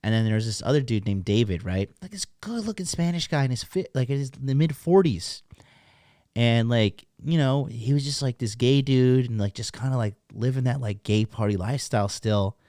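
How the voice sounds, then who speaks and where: A man's voice: mid-range voice, expressive, normal speed, mellow, dry recording, clean studio sound. A man in his thirties hosting a casual livestream, talking bluntly and profanely in a rambling way. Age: 30s. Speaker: podcast host.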